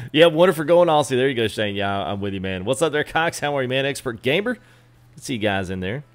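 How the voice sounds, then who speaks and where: A man's voice: mid-range voice, lively intonation, fairly quick. Man, live game streamer, casual, greets viewers. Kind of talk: live gameplay stream chat.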